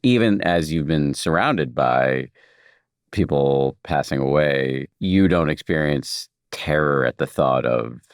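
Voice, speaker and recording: A man hosting a podcast conversation, asking thoughtful, measured questions. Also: a bass voice, expressive, smooth, dry recording, studio quality. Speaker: podcast host.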